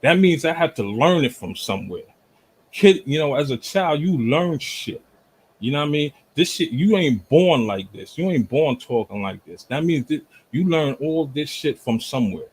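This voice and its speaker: A man from Jamaica arguing forcefully in a heated online debate, pushing through interruptions. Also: fairly high pitch, lively intonation, normal speed, breathy edge, poor audio. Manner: forceful, repeatedly talks over interruptions.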